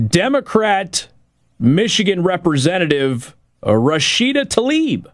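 Animated man hosting political talk radio. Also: on the high side, normal speed, no room sound. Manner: sarcastic, animated, with sudden loud bursts. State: hiccups. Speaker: radio talk show host.

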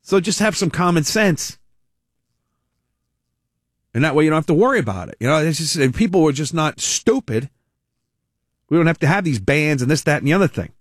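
A man's voice: a little high, big pitch swings, fairly quick, pauses often, no echo, studio quality. A man hosting a call-in radio talk show, blunt and opinionated.

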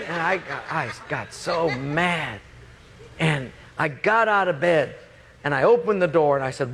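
Preacher guy telling a funny story, lively, voice a bit on the high side. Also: measured pace, vocal fry, big-room sound, slight background noise. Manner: animated, expressive, playful. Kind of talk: sermon storytelling.

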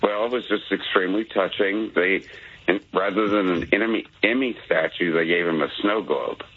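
A man calling in to a radio show, teasing the host in a dry, deadpan way. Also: deep voice, moderate pace, phone-quality sound, a little hiss or hum. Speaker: caller. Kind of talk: joking phone call to a radio show.

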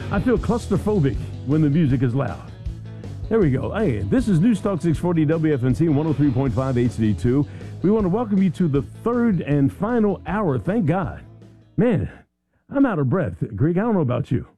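Dark-voiced chatty radio host man. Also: on the high side, sing-song, moderate pace, faint music behind. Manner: jokey, chatty, self-deprecating. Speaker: radio talk show host. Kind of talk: morning talk radio. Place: radio studio.

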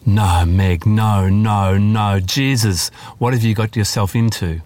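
A man's voice: on the low side, slow, a little mellow, no echo, soft background music. A man reading aloud as a stubborn, fond middle-aged father who turns exasperated with his daughter. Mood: dismayed. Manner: soothing then exasperated.

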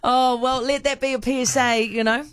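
A woman's voice: sits high, fairly even intonation, normal speed, a little hiss or hum. A woman co-hosting a radio show, reacting and teasing with laughs in casual chat. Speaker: radio co-host.

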